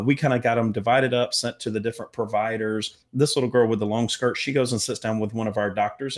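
A man telling a story as a guest in an interview, earnest and halting with fillers. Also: fairly low pitch. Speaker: medical missions guest.

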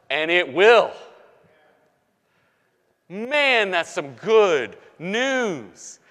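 A man preaches in a high, ringing voice, taking his time over each phrase. He repeats words for emphasis and moves between near-whispered lines and loud declarations. The sound carries the long reverb of a large hall. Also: sing-song, extremely slow, pauses often. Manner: emphatic preaching with repetition, swinging from hushed to loud. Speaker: pastor. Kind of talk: sermon.

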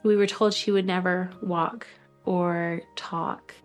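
A middle-aged woman sharing a personal adoption story in a documentary interview, halting with fillers and tearing up at moments. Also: lowish voice, steady tone, faint music behind. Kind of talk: emotional personal testimony.

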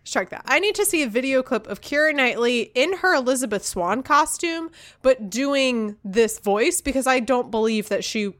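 A woman with a fairly high voice co-hosts a casual podcast. She chats in an animated way and drops "like" into nearly every sentence. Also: moderate pace. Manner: chatty, frequent "like" fillers, animated. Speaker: podcast co-host. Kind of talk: casual chat.

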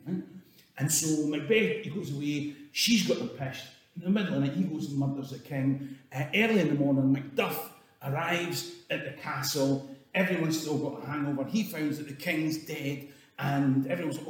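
A man's voice: fairly high pitch, steady tone, unhurried. A Scottish man giving an irreverent comic history talk, swearing and chuckling through his asides. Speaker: storyteller. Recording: echoey hall from far off.

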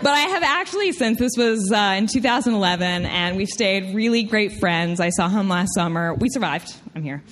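A woman from Tennessee with a Southern US accent, telling a personal story live on stage in a lively, self-mocking way. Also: medium pitch, moderate pace, hardly any pauses, a little hiss or hum.

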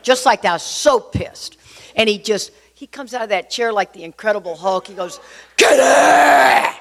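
A middle-aged woman shares her personal recovery story with an audience, lively and confiding as she addresses listeners directly. Her voice is medium-pitched and a little fast, with slight hiss or hum on the recording.

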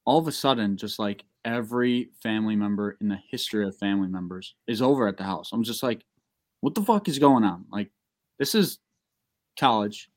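A young man telling a long, profane, excitable story in a casual podcast chat. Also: lowish voice, brisk. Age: young adult.

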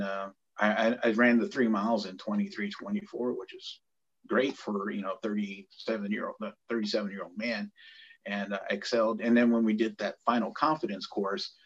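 A middle-aged man with a deep, breathy voice tells a training story in a loose, conversational way. He gets animated and acts out the people he quotes. The recording sounds dull and muffled. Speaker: guest, former Navy corpsman. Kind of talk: casual storytelling.

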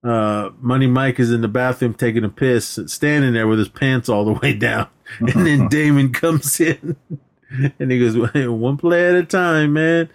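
On a movie podcast, a male co-host recaps scenes in relaxed chat, often laughing and acting out what the characters say in a raised voice. His voice is mid-range, at a normal speed.

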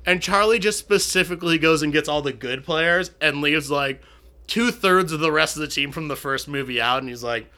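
Young male co-host, bright forceful voice, riffs loosely and swears freely. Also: sits high, moderate pace. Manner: animated, profane, acts out quotes for laughs. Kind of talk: casual chat.

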